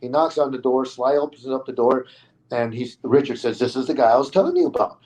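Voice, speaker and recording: A middle-aged man, a stuntman being interviewed, telling a story in a casual, animated way and acting out the other people's lines. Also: mid-range voice, fairly quick, rough recording.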